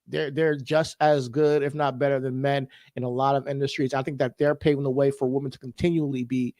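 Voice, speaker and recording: A man co-hosting a wrestling podcast in casual chat, relaxed and opinionated, slowing down to stress his points. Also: medium pitch, no echo. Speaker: podcast co-host.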